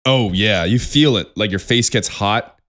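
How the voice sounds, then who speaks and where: A young man co-hosting a podcast in casual chat, animated and profane, laughing often. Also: on the low side, unhurried. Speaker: podcast co-host.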